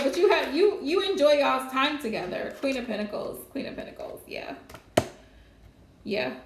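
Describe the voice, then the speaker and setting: A woman's voice: sits high, gravelly, reverberant. Chatty woman reading tarot live. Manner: chatty, casual, laughs often. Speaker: tarot reader.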